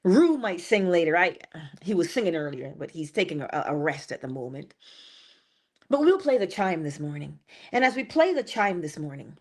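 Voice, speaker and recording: Animated woman hosting a lively livestream. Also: moderate pace. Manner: animated and playful, with sudden high exclamations and soft asides. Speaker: livestream host. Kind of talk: inspirational livestream talk.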